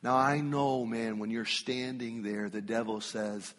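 A man preaching a sermon, telling a personal story with emphatic, drawn-out phrasing. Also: mid-range voice, steady tone, fairly bright tone, long reverb tail.

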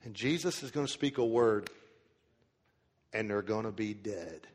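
A man preaching a sermon in a church. He reads scripture aloud slowly and then explains it in plain, casual terms. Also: lowish voice. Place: church sanctuary. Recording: long hall reverb.

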